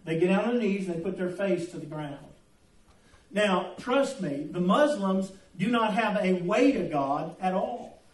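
A man's voice: sits high, animated, measured pace. A man preaching a sermon in a church, folksy and joking as he tells anecdotes. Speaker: pastor. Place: church sanctuary. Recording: echoey room, distant mic.

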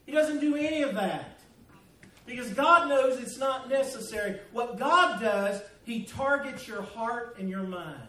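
Southern preacher guy, high voice, folksy storytelling, echoey and kinda far off. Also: a bit bright. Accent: Southern American. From American South. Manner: folksy storytelling, laughing through the tale. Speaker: pastor. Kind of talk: sermon with a personal story. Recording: echoey, from a distance.

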